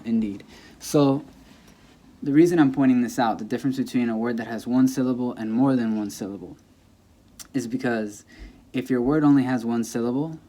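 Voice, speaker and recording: In a casual Spanish lesson, a young male teacher repeats sample words with different stress and self-corrects along the way. The camera mic, used without a clip mic, captures his mellow, mid-range voice.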